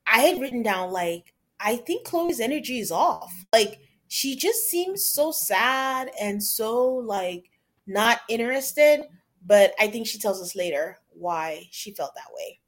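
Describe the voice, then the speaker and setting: A woman's voice: on the high side, very animated, slow. Chatty woman recapping reality TV. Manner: chatty, quotes people in put-on voices. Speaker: podcast co-host. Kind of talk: casual recap chat.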